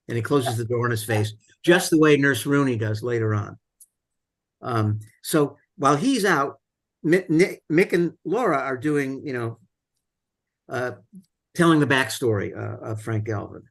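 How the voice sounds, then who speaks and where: A man's voice: medium pitch, expressive, unhurried, gravelly. A man hosting a film discussion, retelling scenes casually with many fillers and restarts.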